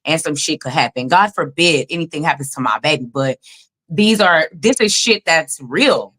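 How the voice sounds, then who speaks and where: This woman's voice is low, expressive, and a bit bright, moving at a normal speed. A mother in her thirties, she co-hosts a casual livestream chat over video call, talking candidly and emphatically with plenty of profanity.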